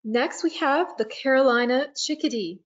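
A woman on the staff of a nature preserve giving a webinar presentation, talking slowly with frequent fillers and pauses. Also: high-pitched, muffled recording. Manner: slow, hesitant, many fillers.

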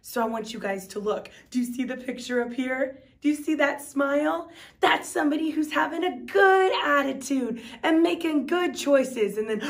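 A woman teaching a preschool Sunday school class, speaking slowly with exaggerated, sing-song emphasis for small children. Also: high-pitched, lively intonation, distant mic.

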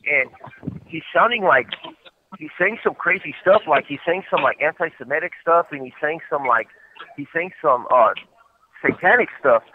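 A man's voice: on the high side, expressive, moderate pace, slight background noise. A man calling from prison, telling a long story in a loose, rambling way full of fillers and laughs. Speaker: caller from prison. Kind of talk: casual storytelling on a call. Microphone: prison phone handset. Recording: tinny prison phone line.

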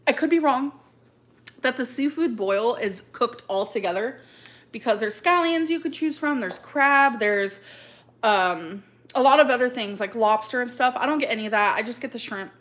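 A woman's voice: fairly high pitch, lively intonation, normal speed, a bit bright. A woman hosting a casual live chat with viewers, rambling and chatty with many fillers and little laughs. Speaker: live stream host.

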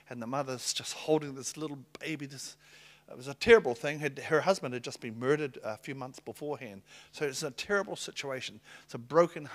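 A middle-aged man preaching a sermon, telling stories in a lively, excitable way and laughing between lines. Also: fairly high pitch. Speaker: pastor. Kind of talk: sermon with storytelling.

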